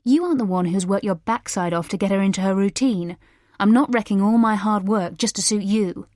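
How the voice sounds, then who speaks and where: A woman voicing an irritable, scheming young mother in an audiobook, with a sharp, sarcastic manner. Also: medium pitch, fairly quick, no echo, studio quality, lightly acted.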